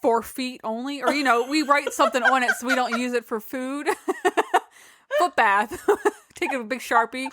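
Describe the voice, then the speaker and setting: A woman co-hosting a podcast in casual chat, laid-back and quick to laugh. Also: high voice, fairly bright tone, no room sound, studio quality. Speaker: podcast co-host.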